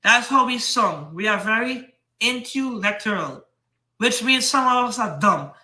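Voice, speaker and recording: A man's voice: extremely high pitch, expressive, unhurried, pushed and bright, roomy sound. A man with a Trinidadian accent, a comic book seller giving a rambling, heated, repetitive defense of himself on his livestream.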